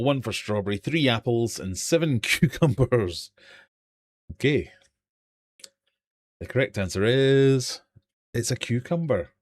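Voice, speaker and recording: A man's voice: medium pitch, darkish tone. A man with a British accent hosting a live-stream quiz from his fish room, reading questions and joking with the chat. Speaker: quiz host.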